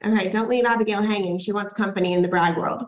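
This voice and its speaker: A woman's voice: mid-range voice, fairly even intonation, fast talker, rough recording. A young woman hosting a workshop as a podcast coach, enthusiastic and hyped, swearing casually as she cheers people on.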